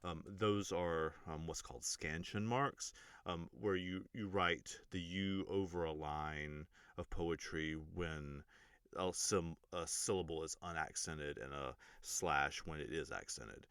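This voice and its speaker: Casual English teacher, male, very low voice, rambling but pedantic explainer. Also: slow pace, smooth, no room sound, clean studio sound. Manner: pedantic but relaxed, many ums and restarts. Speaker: English teacher and music reaction host.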